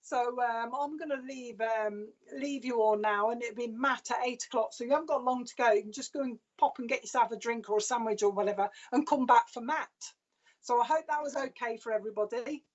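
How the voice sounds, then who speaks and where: A woman's voice: fairly high pitch, fairly quick. A woman giving a chatty live-stream psychic reading, passing on messages loosely with lots of fillers. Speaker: psychic medium. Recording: dull lo-fi stream sound.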